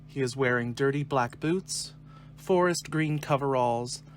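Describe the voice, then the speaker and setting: A man narrating the stage directions of a screenplay reading in a clear, measured way. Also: mid-range voice, slight background noise.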